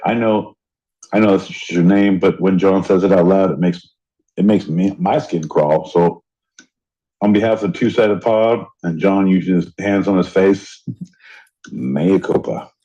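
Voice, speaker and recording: A man's voice: deep voice, fairly even intonation, moderate pace, mellow. Profane ranting man, dull lo-fi sound. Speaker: podcast co-host. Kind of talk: casual podcast chat. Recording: dull lo-fi audio.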